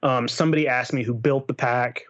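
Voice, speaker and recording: A man's voice: mid-range voice, fairly even intonation, a little fast. Swearing man on a lo-fi podcast mic. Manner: swears freely, rambling with restarts. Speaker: podcast co-host. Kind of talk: casual chat.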